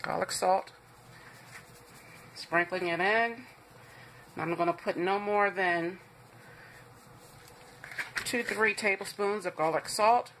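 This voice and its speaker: A woman's voice: mid-range voice, slow pace, long pauses, a bit bright, a little hiss or hum. A woman hosting a home cooking show, walking viewers through a recipe in a chatty, reassuring way and calling them "guys".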